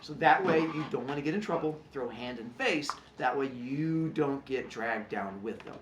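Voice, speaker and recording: A man teaching and explaining classroom rules in an animated, joking way, acting out his students. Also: mid-range voice, moderate pace, reverberant, dull audio, noisy background. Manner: animated, jokey, acts out students.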